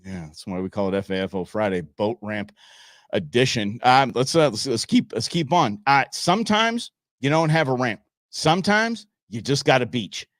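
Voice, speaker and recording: Male host, excitable clip commentary, lively pitch, dry close sound. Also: moderate pace, dry recording. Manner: excitable, laughing, exclaiming at the clips. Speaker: show host. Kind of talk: casual commentary on viral clips.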